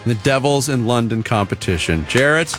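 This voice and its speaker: A man's voice: medium pitch, normal speed, soft background music. A man hosting a sports radio show, joking with co-hosts and a contest winner. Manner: lively, joking, animated.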